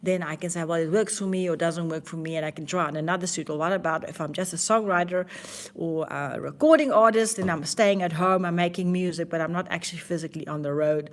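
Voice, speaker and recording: Earnest woman vlogger, slightly low voice. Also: fast. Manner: candid and earnest, with frequent restarts. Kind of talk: casual self-help talk to camera.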